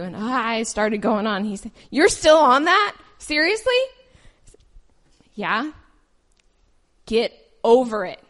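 A woman's voice: fairly high pitch, a bit bright. A woman reading scripture aloud, then preaching in an earnest, conversational way with personal stories. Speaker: lay preacher.

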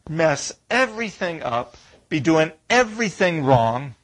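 Man preaching a lively conversational sermon. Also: a little high, measured pace, poor audio. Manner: animated, acts out whiny voices, rhetorical questions.

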